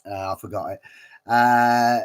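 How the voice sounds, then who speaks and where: Man, watch-along host, mid pitch, rambling, filler-heavy, chuckling. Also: fairly even intonation, measured pace, clean tone. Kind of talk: casual live commentary.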